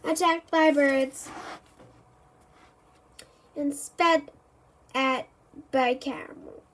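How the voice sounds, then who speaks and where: A cheerful, rambling storybook postman who chats in a friendly way, voiced by a woman reading aloud. His voice is high. It sounds like a children's book read aloud. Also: steady tone, extremely slow, slight background noise, rough recording. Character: cheerful, chatty adult man postman.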